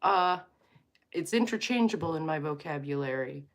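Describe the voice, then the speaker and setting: A woman's voice: deep voice, expressive, normal speed. A woman in her thirties from Alberta, Canada, chatting casually and playfully to her viewers, rambling and cutting herself off. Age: 30s. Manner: rambling, playful, self-interrupting. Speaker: vlogger.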